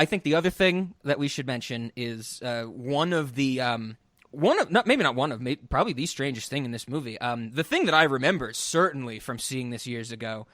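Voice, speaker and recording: A man's voice: medium pitch, a bit bright, no room sound. Chatty male podcast host, dry close sound. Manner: chatty, laughs a lot, many fillers and restarts. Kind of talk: casual chat.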